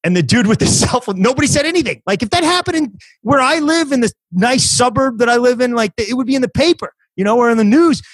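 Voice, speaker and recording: Very high and lively in intonation, this fifty-something man talks fast as a comedian guest on a podcast. He rambles through a story in casual conversation, restarting often, making false starts and acting out quotes. The audio is poor and has no room sound.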